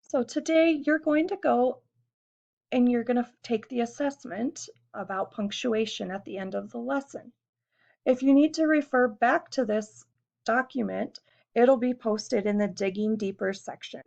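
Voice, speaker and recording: Her voice is on the high side, a little mellow, with vocal fry, and she keeps a measured pace. This woman teacher gives a patient, step-by-step classroom lesson, questioning her students, on a dull lo-fi recording.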